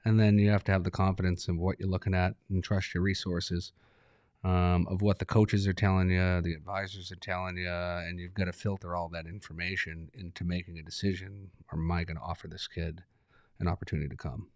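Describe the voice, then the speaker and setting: A man's voice: deep voice, steady tone, brisk, a little mellow, no room sound, studio quality. A man, a hockey coach talking in an interview, laid-back and rambling, laughing as he tells stories. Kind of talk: relaxed interview talk.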